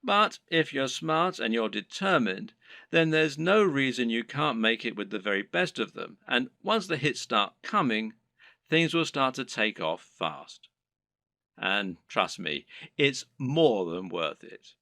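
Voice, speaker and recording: A man giving scripted narration for an online course in a steady, explanatory lecturing manner. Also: mid-range voice, unhurried, vocal fry, dry recording, studio quality.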